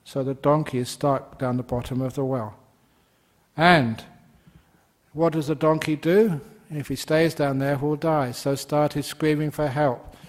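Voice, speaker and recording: A man's voice: fairly high pitch, steady tone, a little slow. A man, a Buddhist monk, giving a dharma talk and telling stories playfully while laughing at his own jokes.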